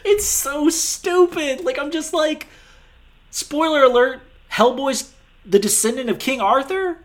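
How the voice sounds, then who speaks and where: A man in casual podcast chat, reviewing a film with animated, profane, exasperated rants. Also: very high voice, unhurried.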